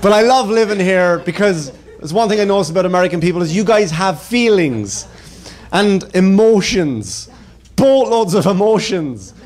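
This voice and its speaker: A man in his thirties from Ireland with an Irish accent, telling jokes in a deadpan stand-up comedy set on a club stage. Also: high-pitched, normal speed. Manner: deadpan storytelling with punchlines. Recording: live club recording with crowd noise. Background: audience laughter and room noise.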